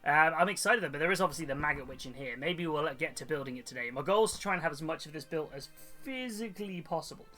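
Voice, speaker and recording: A man's voice: fairly high pitch, lively intonation, quick pace, bright, forceful tone, soft background music. A man chatting casually on a live hobby stream, rambling along with many fillers and restarts. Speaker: hobby streamer and model kit seller. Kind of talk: casual live-stream chat while building models.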